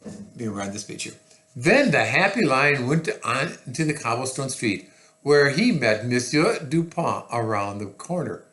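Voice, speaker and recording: A man reading a picture book aloud to children, slow and expressive with chatty asides. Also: medium pitch, roomy sound.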